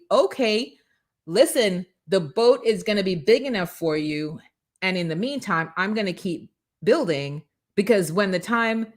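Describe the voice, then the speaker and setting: A woman hosts a live motivational morning show with a slightly low voice. She coaches her viewers in an energetic, preachy way. She talks straight to them and calls out to them by name. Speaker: host.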